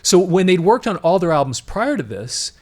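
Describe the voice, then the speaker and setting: A man's voice: sits high, sing-song, normal speed. A man hosting a casual talk show, explaining at length with frequent restarts and emphatic asides. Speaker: podcast host. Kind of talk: casual conversational commentary.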